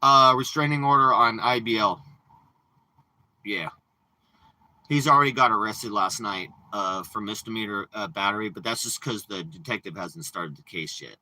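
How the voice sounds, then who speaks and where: Sharp-voiced man rambling on a stream. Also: lowish voice, poor audio. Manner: profane, boastful, rambling storytelling. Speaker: live streamer. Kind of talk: casual rambling livestream chat.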